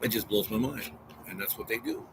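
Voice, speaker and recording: A man's voice: fairly low pitch, a little fast, background noise. A man casually talking through a Bible passage and reading it aloud, rambling and repeating phrases. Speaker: street preacher.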